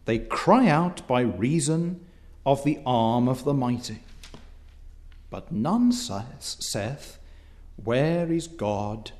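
A man preaching an expository sermon in a measured, formal way, reading scripture and rising in force when impassioned. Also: mid-range voice, darkish tone.

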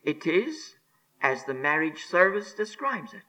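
A man preaching a sermon on scripture, emphatic and deliberate, repeating key phrases and sinking to a hushed near-whisper on solemn words. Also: a little high, very animated, poor audio. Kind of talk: expository sermon.

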